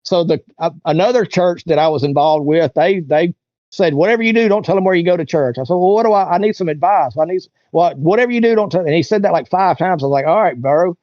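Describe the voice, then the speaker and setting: A man's voice: sits high, lively intonation, fast talker, darkish tone, dry recording. A man being interviewed, telling a long story in a loose, rambling way and acting out what other people said. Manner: rambling, acts out other people's lines in raised voices. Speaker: interview guest. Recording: dull, lo-fi, dry sound.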